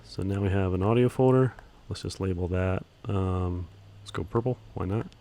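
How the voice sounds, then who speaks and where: Low-voiced, monotone man teaching software. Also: normal speed. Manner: calls his own voice monotone, relaxed, many ums. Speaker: video editing instructor. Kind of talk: screen-recorded software tutorial.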